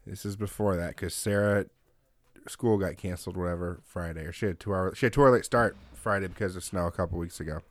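A man's voice: sits low, fast talker, dry recording. Foul-mouthed man telling a story. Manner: profane, animated storyteller. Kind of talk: casual storytelling.

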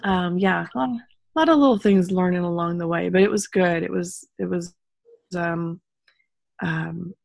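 Low, gravelly-voiced woman from Texas. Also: normal speed, a little mellow, dry recording, clean studio sound. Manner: rambling, many ums and restarts, laughs between thoughts; sincere and faith-focused. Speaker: guest telling her story. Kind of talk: casual conversational storytelling.

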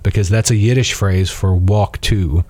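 A man's voice: low voice, steady tone, moderate pace, warm tone, no room sound. A man from Mississippi chatting casually as a guest, telling rambling stories with many fillers and restarts. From Mississippi, USA. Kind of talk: casual conversation.

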